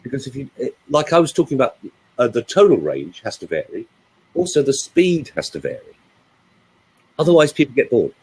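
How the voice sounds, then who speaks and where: Husky, animated male voice coach. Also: medium pitch, fairly quick, rough recording. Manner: lively, expressive storyteller. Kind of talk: animated storytelling and coaching talk.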